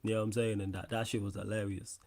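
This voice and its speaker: A man's voice: on the low side, flat delivery, quick pace, vocal fry, darkish tone. A man hosting a casual sports podcast, talking in laid-back slangy banter. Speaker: podcast host. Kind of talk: casual chat.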